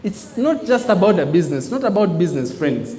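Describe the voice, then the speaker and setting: A man's voice: high voice, brisk. A man giving a motivational business talk to a live audience, calling out prompts for the crowd to answer. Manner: call-and-response preaching, emphatic, animated. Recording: echoey hall with long reverb.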